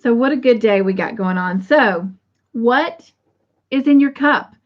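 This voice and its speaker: A woman hosting a crochet livestream, chatting casually and warmly with viewers and often breaking into laughter. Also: on the high side, animated, a little slow, highs cut off. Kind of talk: casual chat to live viewers.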